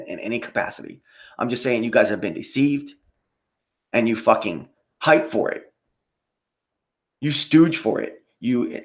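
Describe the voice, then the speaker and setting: A man's voice: mid-range voice, creaky. A man hosting a live stream, ranting in a casual, preachy, profane way and getting worked up.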